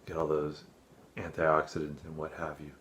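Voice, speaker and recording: A man's voice: extremely low pitch, completely flat delivery, moderate pace, a bit bright, slight background noise. A man casually reviewing teas in a chatty, rambling vlog. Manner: rambling, self-deprecating, chatty. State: out of breath.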